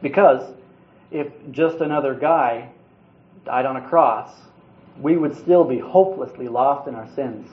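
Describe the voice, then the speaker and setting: A man's voice: mid-range voice, measured pace. A man preaching a sermon in an earnest, conversational way, now and then restarting his words. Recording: roomy, slightly dull sound.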